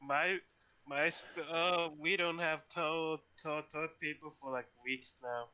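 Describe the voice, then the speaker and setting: A man in casual group chat, relaxed and joking. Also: on the high side, unhurried, clean tone, low-quality recording.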